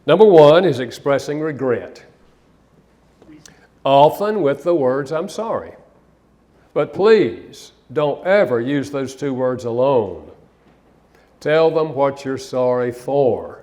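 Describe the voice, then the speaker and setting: A man's voice: mid-range voice, slow, pauses often. An older man giving a talk as a speaker and author, telling stories and acting out the lines he quotes. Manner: animated storyteller, acts out quotes. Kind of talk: storytelling talk.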